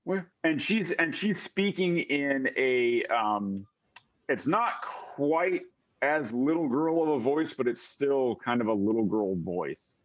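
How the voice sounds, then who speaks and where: A man narrating as game master, halting, with many fillers. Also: mid-range voice, animated. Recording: dull lo-fi audio.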